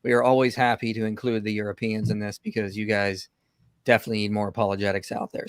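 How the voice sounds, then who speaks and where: A man hosting an apologetics livestream, talking in animated bursts with fillers as he comments on a video. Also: on the low side, dry recording, clean studio sound. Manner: animated, rushes ahead in bursts, many fillers.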